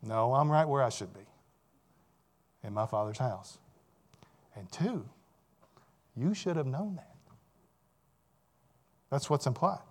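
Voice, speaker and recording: A man's voice: medium pitch, lively intonation, slow pace, long pauses. A man preaching a sermon in a conversational, emphatic way, often asking the listeners rhetorical questions.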